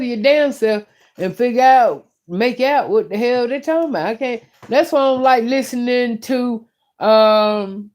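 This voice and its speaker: A woman's voice: fairly high pitch, darkish tone. A middle-aged woman hosting her own YouTube channel, talking in a blunt, profane, rambling way as she rants casually to her viewers. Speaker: YouTube commentary host. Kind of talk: casual rant to camera.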